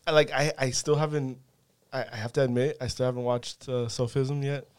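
A man's voice: mid-range voice, fairly even intonation, brisk, clear, resonant tone, no echo, studio quality. Hesitant man chatting casually. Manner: hesitant, many fillers and restarts, laughs often. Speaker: podcast guest. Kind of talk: casual chat.

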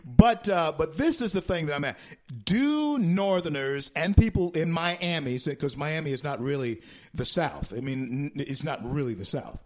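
A man hosting a talk radio show who talks in halting bursts, repeating phrases and leaning on fillers. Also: a little high, expressive, darkish tone.

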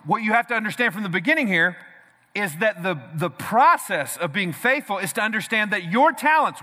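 A man with a high, bright, forceful voice preaches energetically to a congregation, punching his lines and calling for responses. His voice rings out through a large church hall with a long reverb. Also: very animated, moderate pace. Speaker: pastor. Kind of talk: sermon.

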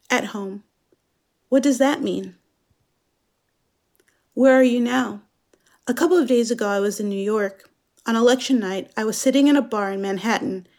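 A woman with a fairly high voice delivers a scripted dramatic monologue. She speaks slowly and in a measured, introspective way. She is from Germany. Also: a little mellow. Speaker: narrator.

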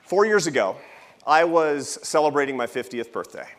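A man's voice: a little high, sing-song, normal speed. Man in his fifties giving a lecture. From United States. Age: 50s. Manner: jokey storytelling, warm asides. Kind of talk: festival lecture.

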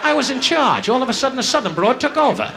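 A man's voice: extremely high pitch, sing-song. A man doing insulting stand-up crowd work on a nightclub stage, firing barbs at audience members. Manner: insulting, rapid-fire banter with the audience. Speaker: stand-up comedian. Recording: noisy 1960s live album recording.

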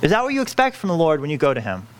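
Earnest male preacher with a lively voice. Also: on the high side, racing, a little hiss or hum. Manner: earnest, pleading, self-correcting with frequent restarts. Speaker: pastor. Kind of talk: sermon.

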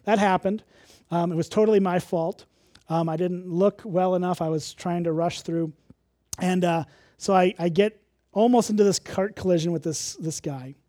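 A man's voice: sits high, fairly even intonation, moderate pace, warm tone, dry recording, studio quality. A man from Illinois preaching a sermon, candid and conversational, with self-deprecating humor. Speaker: pastor.

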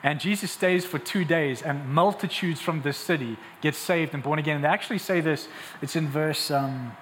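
A man's voice: fairly high pitch, normal speed, a bit bright, long reverb tail, slight background noise. A young man preaching a sermon as a pastor, conversational and then building to emphatic peaks.

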